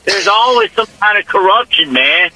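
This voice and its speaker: Male caller, Northwest Indiana accent, rambling folksy talk, phone line, high bright voice. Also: lively intonation, measured pace. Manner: rambling, folksy, calls people man and brother. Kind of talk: casual call-in chat.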